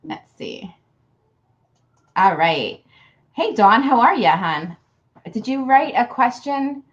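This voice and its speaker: A woman's voice: a little high, very animated, slow, dull audio. A woman giving casual card readings to viewers on a livestream, chatty and affectionate, calling people hun. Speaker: card reader.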